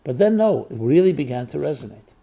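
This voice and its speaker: A man who is a rabbi, telling a story in an earnest reflective talk, repeating phrases in threes for emphasis and dropping soft on tender phrases. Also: on the high side, sing-song, brisk, vocal fry. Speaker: rabbi and spiritual teacher.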